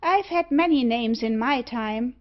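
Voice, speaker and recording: A woman voicing a meek, strange little old man who answers mildly and quietly. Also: a little high, animated, unhurried, voice pushed up. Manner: mild and quiet. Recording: slightly dull audio.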